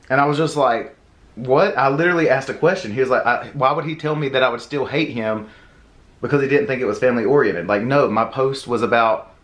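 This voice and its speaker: A man with a Southern US accent, a podcast co-host, talking casually in an animated, indignant rant full of fillers. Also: medium pitch. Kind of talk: casual chat. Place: home, eating at table.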